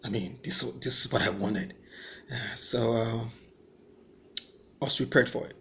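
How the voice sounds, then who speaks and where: A man's voice: medium pitch, steady tone, a little slow, gravelly, sharp tone. Man telling an earnest faith testimony. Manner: earnest storytelling, voicing remembered dialogue. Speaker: speaker giving a testimony. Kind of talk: personal faith testimony storytelling.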